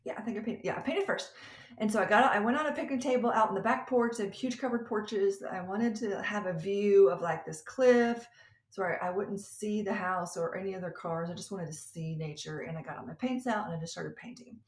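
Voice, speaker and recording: A woman podcast host and coach in her thirties, telling a personal story in a chatty, animated way that often breaks into laughter. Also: mid-range voice, a little fast. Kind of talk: casual storytelling monologue. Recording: roomy echo.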